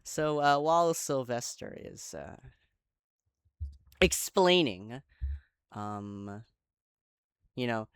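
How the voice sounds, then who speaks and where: Casual rambling host, self-correcting, lively pitch, smooth clear voice, dry close mic. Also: drawn-out words, pauses often, no echo. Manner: rambling, self-correcting, chatty asides to viewers. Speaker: channel host. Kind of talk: casual retelling of an online roleplay.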